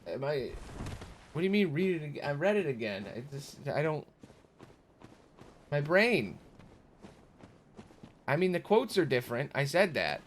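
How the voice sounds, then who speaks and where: A young man giving casual live commentary on a game he is streaming, talking back at it in an exasperated way with sudden high-pitched outbursts. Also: very animated, a little slow, long pauses. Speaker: gaming streamer.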